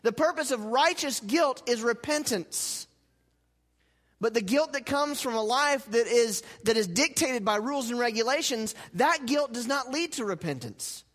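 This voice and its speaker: A man preaching a sermon to his church, moving between loud emphatic passages and quiet, intense ones, and leading the congregation in call-and-response. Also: very high voice, animated, moderate pace. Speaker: pastor.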